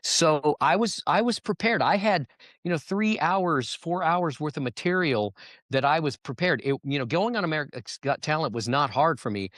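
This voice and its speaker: Animated man telling stories, dry sound. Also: fairly high pitch, moderate pace, no echo. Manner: animated storyteller, slips into character voices. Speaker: guest entertainer. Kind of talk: casual interview chat.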